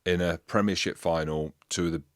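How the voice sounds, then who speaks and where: A man hosting a podcast, blunt and quick with the banter, swearing freely. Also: deep voice, steady tone, dry recording, studio quality. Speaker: podcast host, former rugby player. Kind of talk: casual chat, reacting to match footage.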